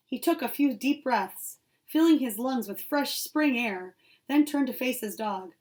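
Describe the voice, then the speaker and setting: A woman's voice: high-pitched, lively intonation, unhurried, darkish tone. A woman reading a children's novel aloud, reading steadily and correcting her small slips as she goes. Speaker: audiobook reader.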